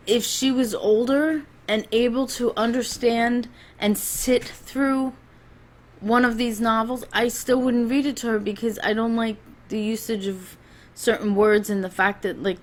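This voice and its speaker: A woman's voice: a little high, fairly even intonation, normal speed. A woman giving a rambling, chatty spoken book review, talking from home with frequent restarts.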